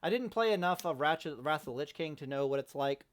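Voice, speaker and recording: A man with a fairly high voice rants at home, swearing freely and rambling. He stumbles, repeats words and restarts sentences as his thoughts run ahead. The talk is loose and unscripted. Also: expressive, fast. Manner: profane, rambling, restarts often. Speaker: gaming vlogger. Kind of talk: ranting casual monologue. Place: home near a kitchen.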